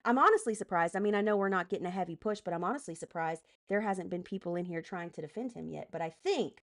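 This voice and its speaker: A woman's voice: fairly low pitch, a bit bright. Heated, profane woman live streamer. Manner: heated, profane, rapid asides to chat and mods. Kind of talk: live-stream political commentary reading chat.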